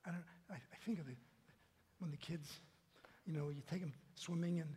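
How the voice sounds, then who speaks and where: A man preaching a sermon and leading prayer as pastor, animated and emphatic, repeating words as he builds. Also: a little high, normal speed, husky, in a large hall.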